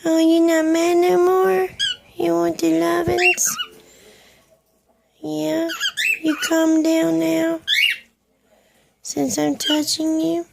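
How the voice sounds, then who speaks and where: A woman at home coaxes and scolds her pet birds in a high, gravelly voice. She talks slowly and sweetly, then firmly. A loud ceiling fan roars behind her. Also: completely flat delivery, heavy background noise. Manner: coaxing baby talk with scolding to her pets. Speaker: pet owner vlogger. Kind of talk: casual home video.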